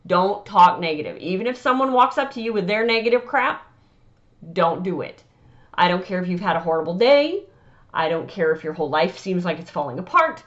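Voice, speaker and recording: A woman's voice: fairly low pitch, expressive, brisk, muffled recording. Chatty emphatic woman giving tips. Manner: chatty and emphatic, acts out customer dialogue. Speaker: author giving vendor tips. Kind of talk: casual advice talk to camera.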